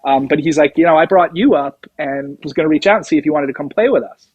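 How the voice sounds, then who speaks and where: Middle-aged male guest, rambling storyteller, slightly high voice, dry close mic. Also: fast talker, breathy edge, dry recording, lo-fi sound. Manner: rambling anecdotes, acts out quoted dialogue. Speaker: guest musician, drummer. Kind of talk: casual storytelling interview.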